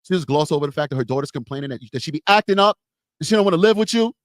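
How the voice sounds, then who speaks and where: A man's voice: on the high side, lively intonation, rapid-fire, no echo. A man co-hosting a live true-crime stream, commenting emphatically and repeating his points. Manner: emphatic, repetitive, opinionated.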